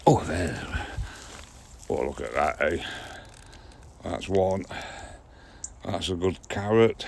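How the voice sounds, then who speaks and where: A man's voice: deep voice, slow pace, creaky, long pauses, a little mellow, breathy edge. A man with a head cold, chatting in a homely way to his viewers as he films his allotment and then sits in his car on a frosty day. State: has a head cold, sniffly. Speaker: gardening vlogger. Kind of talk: casual vlog chat.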